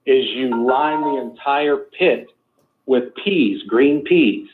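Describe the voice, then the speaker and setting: A father calling in to a show, telling a dad joke in a plain, steady way. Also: mid-range voice, takes it slowly. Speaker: caller. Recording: tinny phone line.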